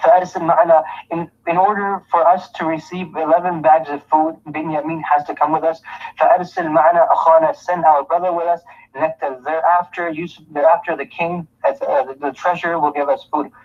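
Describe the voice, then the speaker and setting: A man teaching a Quran commentary lesson, reciting Arabic verses quickly and then explaining them in English with many restarts. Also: a little high, steady tone, dull audio. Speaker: Islamic teacher.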